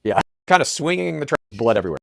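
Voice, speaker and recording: A man on a played podcast clip, telling a story quickly and excitedly in casual chat. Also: fairly high pitch, gravelly, dry recording, clean studio sound.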